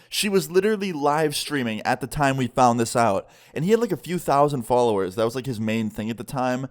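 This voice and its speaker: A young man casually telling a storytime tale to the camera, chatty and often ending lines with "okay?". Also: medium pitch. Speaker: YouTuber. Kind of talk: storytime narration.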